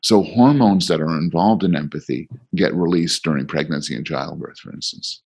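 A man's voice: a bass voice, moderate pace, darkish tone, slightly rough. A man in his fifties, a guest author explaining ideas in conversation, thoughtful and repeating words as he starts thoughts.

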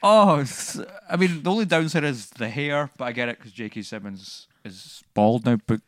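A man's voice: medium pitch, animated, moderate pace, dry recording, clean studio sound. A man co-hosting a casual film review podcast, enthusiastic and laughing as he retells favourite scenes. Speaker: podcast co-host.

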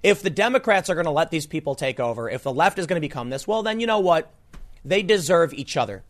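A man in his thirties with a somewhat higher voice, talking through a political commentary monologue. He sounds incredulous and emphatic, his pitch jumping sharply up on his disbelieving questions before dropping low again. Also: lively intonation, fast. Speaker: podcast host and commentator.

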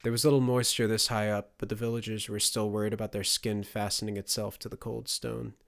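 A man narrating a fantasy audiobook in a steady storytelling delivery. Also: lowish voice, fairly quick, creaky.

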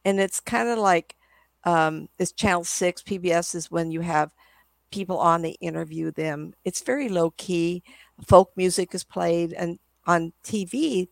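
A woman's voice: lowish voice, fairly even intonation, normal speed, gravelly, no echo. An older woman, a psychic medium guest, telling rambling stories in a casual interview. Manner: rambling, chatty storyteller.

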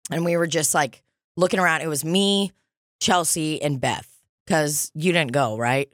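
A woman's voice: low-pitched, unhurried, no room sound, clean studio sound. A woman co-hosting a podcast, telling a story in laid-back casual chat, laughing often and swearing casually. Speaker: podcast co-host.

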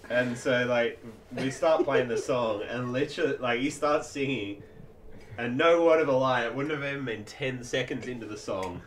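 A man's voice: mid-range voice, normal speed. A man telling stories in casual chat as a band member, laid-back, peppering his talk with "like" and swearing. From Australia. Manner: laid-back, swears often, fills with "like" and "yeah".

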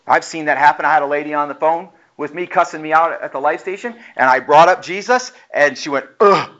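A man's voice: on the high side, fast talker, fairly bright tone. Emphatic male pastor preaching, lo-fi. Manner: emphatic, acts out quoted voices while preaching. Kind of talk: sermon. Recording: muffled lo-fi sound.

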